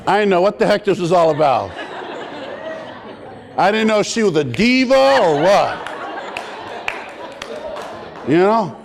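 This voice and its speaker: A man speaking on stage, telling a personal story in a lively, joking, animated way. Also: high voice. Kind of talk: comic personal storytelling speech. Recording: long hall reverb.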